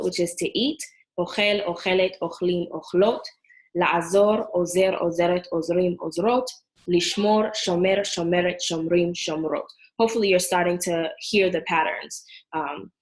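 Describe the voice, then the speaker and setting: A woman's voice: on the low side, poor audio. Patient woman teaching Hebrew verbs. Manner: clear, patient, drills sound patterns slowly. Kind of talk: language lesson.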